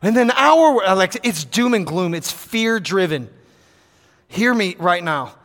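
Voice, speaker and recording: A man preaching a sermon as pastor, acting out quotes with animation and building to shouts. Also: sits high, lively intonation, a little slow, in a large hall.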